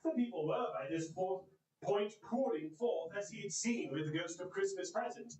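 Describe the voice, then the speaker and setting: A man delivers a theatrical one-man storytelling performance, his voice sitting fairly high and swinging widely as he plays each character. The sound carries the echo of a roomy hall. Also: normal speed. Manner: animated, voices characters with big pitch swings. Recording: echoey room.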